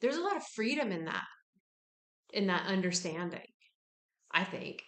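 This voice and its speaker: A woman giving a casual self-help talk, relaxed and frank, with casual swearing. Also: mid-range voice, moderate pace, roomy sound. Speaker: wellness speaker.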